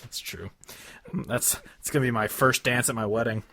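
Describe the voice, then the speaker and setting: A man co-hosting a casual podcast, blunt and quick to laugh, swearing freely. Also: mid-range voice, steady tone, vocal fry, sharp tone, slight background noise. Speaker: podcast co-host. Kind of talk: casual chat.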